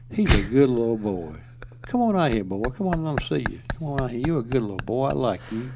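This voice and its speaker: A man voicing a drunk older Southern governor who boasts slowly and stumbles over his words. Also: mid-range voice, big pitch swings, noisy background. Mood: rambling. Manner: slow, slurred, stumbling speech.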